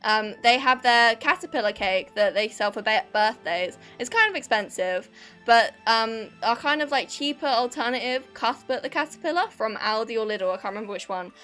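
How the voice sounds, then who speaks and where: A woman's voice: fairly high pitch, animated, normal speed, bright, forceful tone. A young British woman streaming live, chatting casually and reacting to her chat. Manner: chatty and rambling, reacting to chat with frequent laughs. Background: faint background music.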